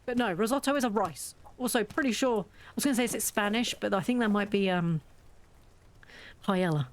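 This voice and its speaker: A woman's voice: mid-range voice, a little fast. A woman chatting casually and mocking herself as she plays through a farming game. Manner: chatty, self-mocking, thinks aloud. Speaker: game streamer. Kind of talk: casual let's-play commentary.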